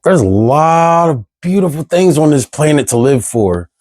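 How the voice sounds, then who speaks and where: A man's voice: on the high side, lively intonation, normal speed, a little mellow, no echo. Exasperated, cursing man ranting to camera. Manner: exasperated, profane, rhetorical questions. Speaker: vlogger. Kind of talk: candid ranting monologue.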